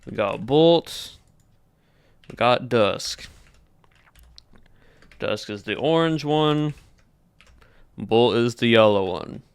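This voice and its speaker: A man's voice: medium pitch, expressive, extremely slow, vocal fry, pauses often, clear, resonant tone. Male streamer with a Southern drawl, chatty and musing aloud, clean close sound with no room echo. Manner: chatty, thinking aloud while polling chat. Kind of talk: casual livestream chat with viewers.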